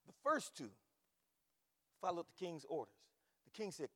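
Man preaching, repeats himself a lot, real animated, echoey church. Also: sits high, normal speed. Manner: emphatic, repeats words, rises to shouting. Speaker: pastor. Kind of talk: sermon. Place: church sanctuary.

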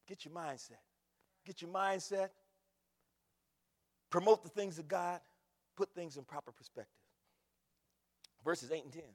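A man preaching a sermon, swinging from shouts to hushed quotes. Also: fairly high pitch, measured pace, pauses often. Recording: long hall reverb.

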